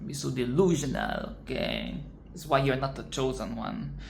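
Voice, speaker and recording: Young woman reviewing a film, low voice, emphatic and swearing, echoey room. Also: huge pitch swings, normal speed, creaky, a little mellow, slight background noise. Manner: emphatic, profane, repeats "okay?".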